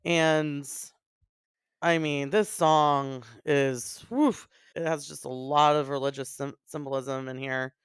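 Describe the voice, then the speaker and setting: A woman's voice: low-pitched, slow pace, clean tone, no room sound, studio quality. A woman co-hosting a podcast, talking earnestly and with feeling about song lyrics and her late parents. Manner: emotional, voice breaking near tears. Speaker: podcast co-host. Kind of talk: casual chat about an album.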